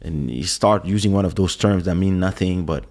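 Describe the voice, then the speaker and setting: A middle-aged man hosting a podcast, telling a story in a casual, animated way with laughs as he acts out quotes. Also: sits low, normal speed, soft background music. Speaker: podcast host.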